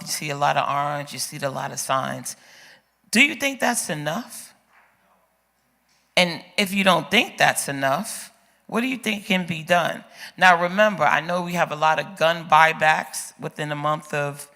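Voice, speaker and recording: High gravelly man moderating a forum. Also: moderate pace, pushed and bright. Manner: asks the audience pointed questions, urging them up. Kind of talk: moderating an open-mic community forum. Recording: echoey hall.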